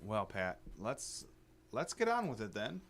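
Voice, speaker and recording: A man's voice: fairly low pitch, huge pitch swings, a little slow, a bit bright. A man co-hosting a comedy talk radio show, teasing and goading crudely. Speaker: radio co-host. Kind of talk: casual comedic radio banter.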